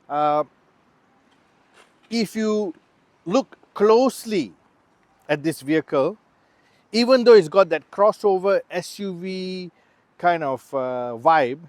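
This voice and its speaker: A man with a slightly high voice gives a chatty, explanatory car review, talking directly to the viewer as he moves around and inside the vehicle. The recording has no room sound.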